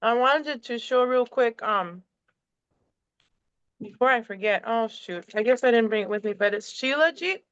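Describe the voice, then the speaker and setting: A woman in rambling casual chat on a video call, halting and full of fillers and restarts. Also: a little high, a bit bright, smooth, no echo. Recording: dull lo-fi call audio.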